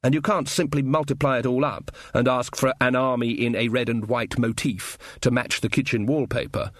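A man's voice: mid-range voice, steady tone, normal speed, no echo. A man narrating an audiobook with a dry, wry storytelling manner. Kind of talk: scripted narration.

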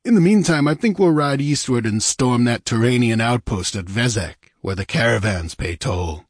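A man's voice: medium pitch, lively intonation, moderate pace, no echo, studio quality, natural voice. A man doing a hot-tempered bandit chief. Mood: domineering, scornful. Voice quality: commanding, sardonic.

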